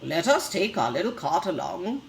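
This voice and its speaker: A woman reading the lines of a cheerful male rooster from a children's storybook, in a brisk, bright read-aloud voice. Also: lowish voice, sing-song, a little hiss or hum. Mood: eager.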